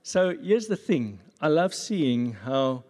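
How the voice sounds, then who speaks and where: A man pastor giving a sermon at a church service, with jokey, animated asides. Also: on the high side, takes it slowly. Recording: long reverb of a church hall.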